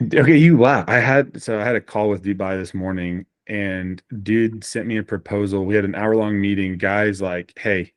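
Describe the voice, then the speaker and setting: Low-voiced man telling stories animatedly. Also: moderate pace, hardly any pauses, clear, resonant tone, no room sound, clean studio sound. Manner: animated storyteller, frequent fillers. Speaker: guest. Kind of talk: casual podcast conversation.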